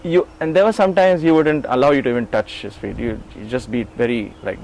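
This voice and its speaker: Gravelly and fairly quick, this middle-aged man's medium-pitched voice carries an animated interview account of his time as an assistant, complete with acted-out dialogue. The low-quality audio has a bit of background noise.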